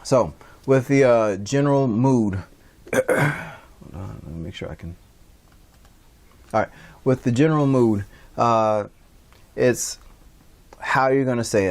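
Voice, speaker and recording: A man's voice: medium pitch, a little mellow. A man teaching a casual class over a stream, rambling, with many fillers and restarts. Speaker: instructor. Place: livestreamed class.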